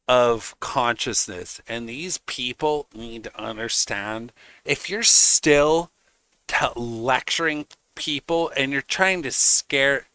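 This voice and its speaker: A man's voice: mid-range voice, bright, forceful tone, no room sound. A man streaming, ranting casually in a heated, mocking way, swearing constantly. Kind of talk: casual rant.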